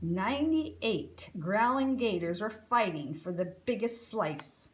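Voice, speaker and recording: A woman reading a children's picture book aloud, slow and expressive. She lingers over each phrase at an unhurried, steady pace. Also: medium pitch, poor audio. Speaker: storyteller.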